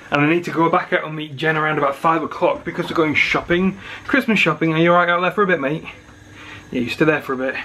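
A man narrating his day in a casual vlog, chatty and quick to rant when annoyed. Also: fairly high pitch, noisy background. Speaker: vlogger.

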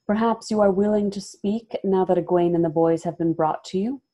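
A woman voicing a composed sorceress who speaks quietly and intently. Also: medium pitch, fairly quick, pitched above the performer's own voice, natural voice. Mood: probing. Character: composed, poised woman sorceress, calm and probing.

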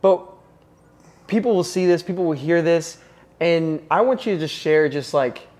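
A man hosting an interview in an apartment, his voice sitting a little high for a man. He sounds eager and hyped up, and his questions wander loosely with lots of fillers before landing. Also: moderate pace, a little mellow. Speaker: interview host. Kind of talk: conversational interview. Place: penthouse apartment, indoors.

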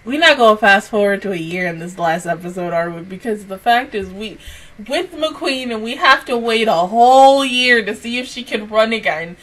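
A woman's voice: medium pitch, animated, moderate pace, fairly bright tone, distant mic, low-quality recording. A woman hosting an anime reaction video, chatting casually while crying and laughing between words and exclaiming. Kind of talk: emotional casual reaction chat.

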